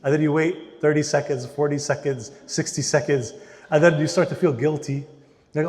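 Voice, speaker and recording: A man with a slightly high voice delivers an animated lecture at a church marriage day, acting out everyday scenes and swinging between loud emphasis and quiet asides. His voice carries a long reverb, as if spoken in a large church hall. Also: moderate pace. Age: adult parent.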